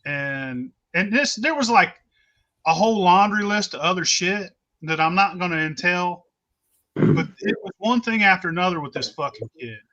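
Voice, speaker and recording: Male storyteller, high and bright-edged, profane and unpolished, muffled lo-fi sound. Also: animated, moderate pace. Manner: blunt, heavy cursing, rambling restarts. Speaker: storyteller on a talk stream. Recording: dull lo-fi recording.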